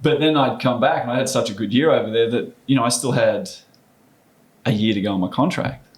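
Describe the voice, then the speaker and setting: A middle-aged man, a former basketball player, telling stories as a podcast guest in an animated, casual way. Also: mid-range voice, a little fast. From Australia. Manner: animated storyteller, acts out quoted voices. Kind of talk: casual storytelling interview.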